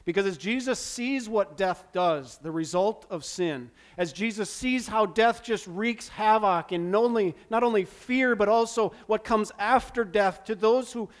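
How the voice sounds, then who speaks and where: Man preaching in church, kinda high voice, acts out the quotes big. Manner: dramatic, acts out quoted lines. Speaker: pastor. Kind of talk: sermon.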